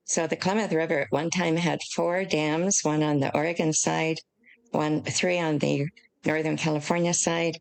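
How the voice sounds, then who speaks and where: Low, gravelly-voiced older American woman. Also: fairly even intonation, poor audio. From United States. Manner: earnest, emotional at times, measured. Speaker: interview guest, author. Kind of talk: earnest explanatory interview talk.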